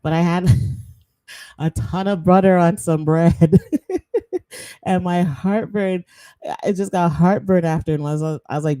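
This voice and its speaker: A chatty woman host, talking casually and slipping into patois between laughs. Her voice sits low and mellow. The recording is dry and close. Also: unhurried, long pauses, no room sound. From Jamaican roots. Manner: chatty, animated, laughs often, slips into patois. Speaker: podcast host. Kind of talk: casual chat.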